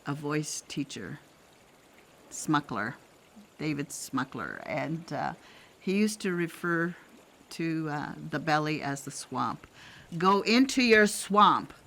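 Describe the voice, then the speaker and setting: Older woman, elder, slow unhurried delivery, gravelly creaky voice, gentle reflective storytelling. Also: sits low, lively intonation, slight background noise. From Canada. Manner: gentle and reflective, pausing often, with soft laughter. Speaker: elder sharing traditional teachings. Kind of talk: personal storytelling.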